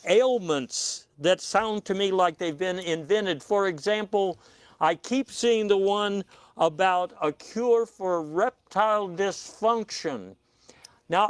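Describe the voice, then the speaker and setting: A man hosting a comic news panel with a dry, deadpan delivery and hesitant fillers. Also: high-pitched, smooth, no echo. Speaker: comedy news host.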